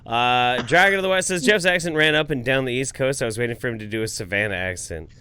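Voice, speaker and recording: A man co-hosting a podcast in casual chat, reading out viewer comments, loud and animated, with frequent swearing. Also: mid-range voice, fast, clean tone, dry recording. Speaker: podcast co-host.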